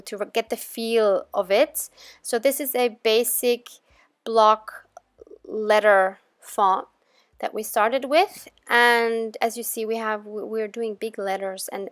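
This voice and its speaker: A woman hosting a crafting channel, talking viewers through her project in a chatty, relaxed voice-over. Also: mid-range voice, dry recording, clean studio sound. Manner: chatty and relaxed, with gentle laughs. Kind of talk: casual tutorial voice-over.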